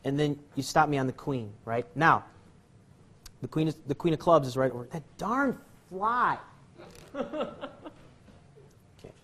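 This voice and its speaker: A man's voice: medium pitch, unhurried, pauses often, fairly bright tone. Jokey rambling magic teacher, a man. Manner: rambling, jokey, self-deprecating, chuckles often. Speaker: magic instructor. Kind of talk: casual card-trick tutorial.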